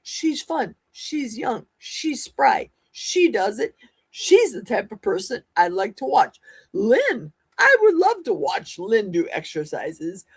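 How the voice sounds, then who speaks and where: A woman's voice: on the high side, sing-song, takes it slowly, husky, dry recording. A woman in her sixties hosting a live stream, chatting casually and sassily as she reads and answers viewers' comments. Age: 60s. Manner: chatty, sassy, talks back to viewers' comments. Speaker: livestream host.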